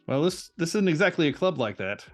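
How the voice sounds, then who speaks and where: A man narrating as game master of a tabletop role-play game, telling the scene in an animated way with frequent restarts. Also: a little high, brisk, faint music behind.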